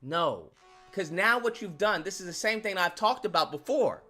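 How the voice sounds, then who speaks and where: A man's voice: high-pitched, expressive, normal speed, bright, forceful tone. A man hosting his own channel, delivering an emphatic, profane commentary rant and repeating lines for effect.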